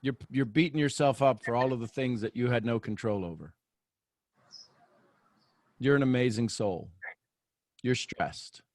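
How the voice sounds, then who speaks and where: A man's voice: medium pitch, measured pace, pauses often, a little mellow, no echo. A man coaching a woman live, encouraging and emphatic, often repeating phrases. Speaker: host, life coach.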